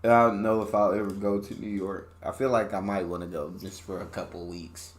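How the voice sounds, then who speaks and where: A man's voice: low voice, steady tone, a little fast. A man from Texas, reacting casually to a video with loose exclamations. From Texas, USA. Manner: loose, exclamatory, laughs along.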